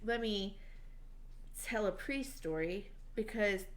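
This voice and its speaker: A woman's voice: medium pitch, slow pace. A middle-aged woman co-hosting a casual live stream, telling stories, laughing often and swearing casually, a little tipsy. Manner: chatty storyteller, laughs a lot, swears casually. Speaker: co-host.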